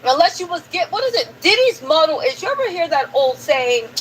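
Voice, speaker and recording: A woman's voice: very high-pitched, big pitch swings, a little fast, slight background noise, rough recording. A woman hosting a live stream, chatting casually and animatedly to her viewers about news clips. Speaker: commentary host.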